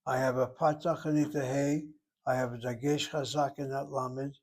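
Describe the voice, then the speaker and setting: An older man teaching a Hebrew class, patiently explaining and slowly spelling out words. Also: medium pitch, flat delivery. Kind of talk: classroom lesson.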